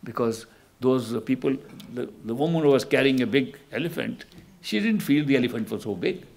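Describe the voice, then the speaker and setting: A man's voice: medium pitch, expressive, brisk, creaky, darkish tone. A man who is a spiritual teacher, giving a reflective talk, telling stories and asking rhetorical questions. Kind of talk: spiritual discourse.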